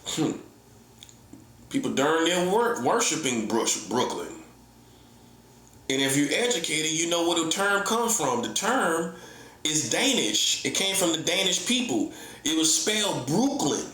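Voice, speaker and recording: A middle-aged man preaches his point in a combative, repetitive monologue, hammering the same lines again and again. His voice sits a little high for a man. The recording is roomy, with a noticeable echo around him. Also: sing-song, moderate pace, bright, forceful tone. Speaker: self-styled prophet. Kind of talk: heated online monologue. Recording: echoey room.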